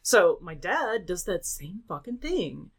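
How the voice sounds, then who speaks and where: A woman's voice: lowish voice, big pitch swings, slow pace. A woman co-hosting a casual chat, ranting and swearing freely as she tells a story.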